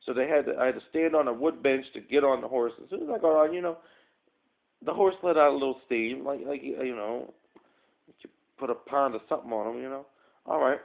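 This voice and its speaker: A man with a gravelly, creaky voice rambles through a self-deprecating story straight into his phone, padding it with fillers and asides. The sound is thin and tinny, like phone audio. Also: mid-range voice, brisk. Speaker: vlogger. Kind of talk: casual storytelling to a phone camera. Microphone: phone front camera.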